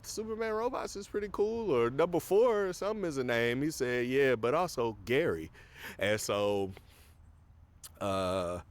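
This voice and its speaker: A man hosts a casual film review, recapping the plot in a loose, rambling way full of fillers. He pops his voice up to act out quoted lines. His voice is lowish, clear, and resonant.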